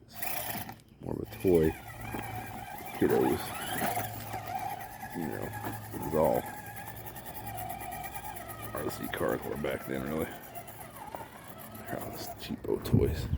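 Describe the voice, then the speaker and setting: A man's voice: rumbling low, slow pace, gravelly, pauses often, very noisy. A man casually narrating as he drives a small RC truck on an outdoor trail, talking playfully to the truck, recorded on a phone on a mount. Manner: playful, talks to his toy truck. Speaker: RC crawler hobbyist. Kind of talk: casual outdoor vlog commentary.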